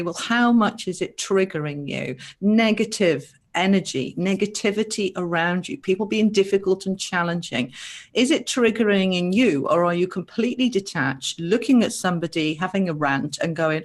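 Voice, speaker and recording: Woman, therapist guest. Animated explainer, acts out quoted voices. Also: medium pitch. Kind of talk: explaining spiritual ideas on a live show.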